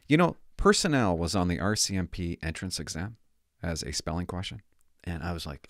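An older man, a retired police officer, telling rambling, candid stories to his viewers in casual talk, swinging between loud asides and hushed remarks. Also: low-pitched, animated, a little fast, dry recording, studio quality.

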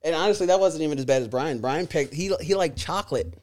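A man co-hosting a casual podcast chat, animated, laughing and swearing freely. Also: a little high, fast talker. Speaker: podcast co-host.

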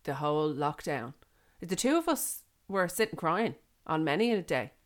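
An Irish woman chatting casually and telling animated stories, acting out the people she quotes. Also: low voice, moderate pace. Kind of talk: casual chat.

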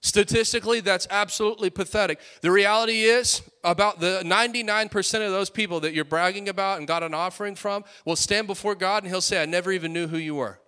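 A man in his late twenties preaching a sermon with fiery, rising peaks and quieter storytelling asides. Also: sits high, fairly even intonation, quick pace, hardly any pauses, clear, resonant tone. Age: late 20s.

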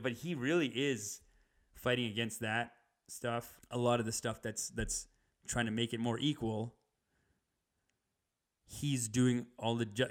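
A young man riffing in a comedic rant, animated, slipping into higher mocking impressions.

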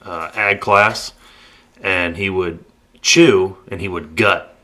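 Man, low voice, bright tone, casual profane chat. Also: fairly even intonation, takes it slowly. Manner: laid-back, swears freely, drawls "like".

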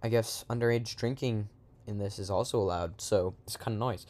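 A man's voice: fairly low pitch, moderate pace, darkish tone. A man improvising a silly comic story in a rambling, slangy way, with lots of asides.

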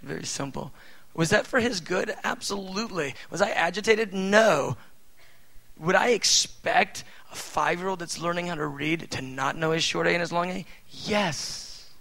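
Male pastor, middle-aged, sermon, high voice, chatty with fillers, loud bursts and quiet asides. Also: normal speed, creaky, rough recording. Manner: swings between loud emphatic bursts and soft asides; conversational, with many fillers.

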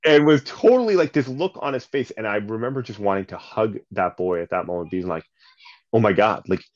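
Animated man telling stories. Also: on the low side, brisk. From Canada. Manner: animated, lots of fillers, acts out quotes. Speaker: basketball coach and nonprofit leader. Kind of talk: conversational storytelling. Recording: slightly muffled sound.

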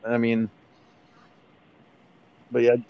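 A man's voice: mid-range voice, monotone, extremely slow, creaky, clear, resonant tone, muffled recording. A man, a stand-up comedian, chatting casually and hesitantly on a podcast, talking from a pizza restaurant. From Texas, US. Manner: laid-back, hesitant, many likes. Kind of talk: casual chat. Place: Pizza Hut, away from home.

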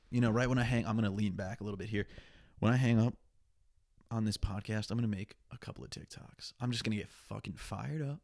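A man's voice: on the low side, a little fast. A young man hosting a solo podcast, talking in a rambling, profane, candid way. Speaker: podcast host. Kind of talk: casual solo podcast monologue.

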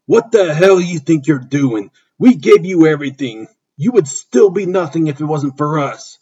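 A man voicing an enraged adult wrestler, a bit louder and higher than his reading voice, husky, on a dull lo-fi recording. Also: expressive, normal speed. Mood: angry.

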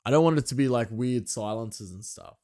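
A man's voice: medium pitch, brisk, mellow, no echo, studio quality. A young man chatting casually on his podcast, rambling and laughing often. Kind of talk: casual solo chat.

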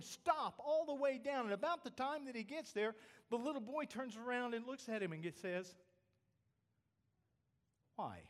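A male pastor preaching a sermon, swinging between animated points and quiet asides, often checking in with "okay?". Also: high-pitched. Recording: long reverb of a large hall.

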